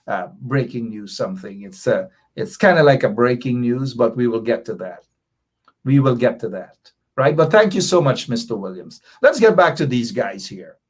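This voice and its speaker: A man with a Guyanese accent hosting a political radio talk show, emphatic, often tagging "right?" and swinging between loud high bursts and low asides. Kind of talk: political call-in commentary.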